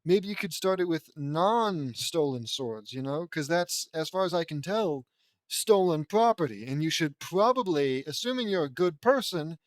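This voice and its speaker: A man reading fan fiction aloud as an audiobook, often stopping for sarcastic, self-mocking remarks. His voice sits fairly high for a man. The recording is dry and close, with no room sound. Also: lively intonation, moderate pace, dry recording. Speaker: audiobook reader.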